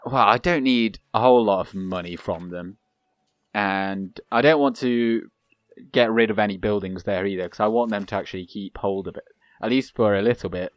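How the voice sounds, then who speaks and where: The audio is dry and dull as a young gaming channel host, speaking in a fairly low voice, plays a strategy game. He keeps up chatty, meandering let's play commentary and laughs every so often.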